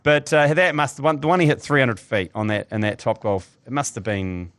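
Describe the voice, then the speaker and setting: A New man hosts a casual comedy podcast, wandering through his stories with ums and chuckles. His voice sits in a middle pitch. The sound is close and dry, with no room around it. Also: fairly even intonation, a little fast, a bit bright, dry recording. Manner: rambling, laughs at his own stories, many ums. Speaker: podcast host.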